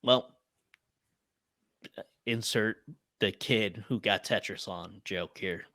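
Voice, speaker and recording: A man from Ireland talking in an animated, casual way on a podcast, full of fillers and quick impressions. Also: fairly low pitch, no echo, studio quality. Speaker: podcast panelist. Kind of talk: casual chat.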